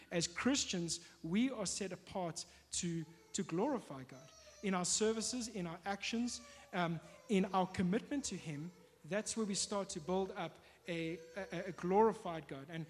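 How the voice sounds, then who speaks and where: A man preaching a sermon in a conversational way, often pausing on fillers and restarting his sentences. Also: high-pitched. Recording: long hall reverb.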